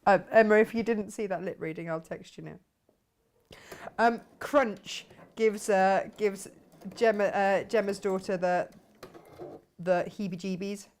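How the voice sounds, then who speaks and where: A woman's voice: medium pitch, steady tone, measured pace. A woman hosting a casual craft live stream, chatting with a guest and reading out viewer comments with frequent laughter. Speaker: craft show host.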